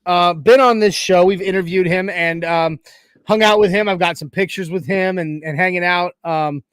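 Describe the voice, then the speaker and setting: A man's voice: high voice, moderate pace, a bit bright, smooth, no room sound. A man co-hosting a casual sports talk show, reading viewer comments in an emphatic, chatty way with many restarts. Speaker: co-host reading chat.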